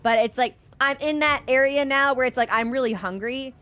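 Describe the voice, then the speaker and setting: A woman's voice: high-pitched, moderate pace, sharp tone. A woman live-streaming a video game, chatty and rambling, laughing easily as she talks to her viewers. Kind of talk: casual live-stream chat while gaming. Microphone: headphones with a wired mic.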